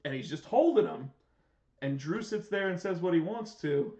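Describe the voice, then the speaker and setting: A man co-hosting a casual live-stream chat show, talking excitedly with many restarts and a rambling flow. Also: high voice, normal speed. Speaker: show co-host. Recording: echoey room, dull lo-fi sound.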